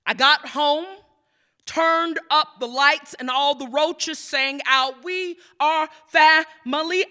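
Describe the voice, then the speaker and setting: A woman's voice: sits high, sharp tone. A woman poet giving a live reading at a museum, mixing playful, self-teasing asides with rhythmic, building spoken-word poems. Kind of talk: live poetry reading with banter. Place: museum event before an audience.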